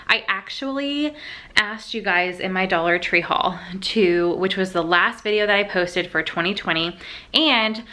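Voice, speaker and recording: A young adult woman vlogger in an emotional, heartfelt sit-down chat, halting and tearful at times. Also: mid-range voice, bright, forceful tone.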